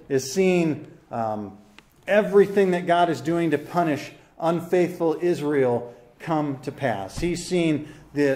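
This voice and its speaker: Man, pastor, earnest expository preaching, slightly raised pitch, emphatic repeats, direct questions to the congregation. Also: a little mellow. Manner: asks the listeners questions directly. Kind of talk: expository sermon.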